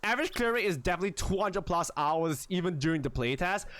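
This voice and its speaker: A man live-streaming a game, chatting casually with his viewers in an excitable, animated way and swearing freely. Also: high-pitched, quick pace.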